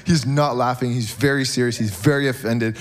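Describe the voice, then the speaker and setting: Male pastor, mid-pitched voice, lively joking sermon delivery in a church. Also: fairly quick. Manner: animated, joking with the congregation, frequent "okay?".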